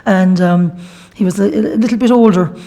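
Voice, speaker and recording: A woman's voice: medium pitch, moderate pace, mellow. A middle-aged woman with a Galway Irish accent, giving a chatty, earnest personal testimony as a workshop speaker, with devout asides. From Ireland.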